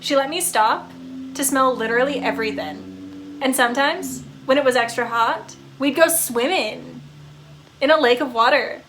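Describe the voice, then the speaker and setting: Lady doing a loud bouncy ghost dog guy, friendly and jokey, high voice. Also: moderate pace, slight background noise. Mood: wistful.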